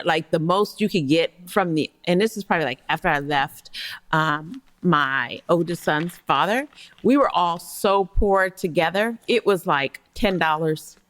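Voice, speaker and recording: A woman co-hosting a podcast who chats in a laid-back way and answers with short replies. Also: fairly low pitch. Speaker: podcast co-host. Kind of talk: casual chat.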